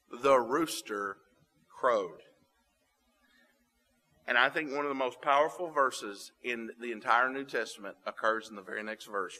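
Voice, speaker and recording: A man preaching a sermon, reading scripture aloud and explaining it with dramatic pauses. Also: medium pitch, sharp tone. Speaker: pastor. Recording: long hall reverb.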